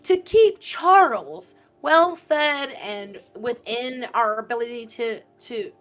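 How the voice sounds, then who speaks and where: A woman playing in a tabletop role-playing game, animated and arguing her case with the game master. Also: a little high, slow pace, faint music behind. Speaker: player.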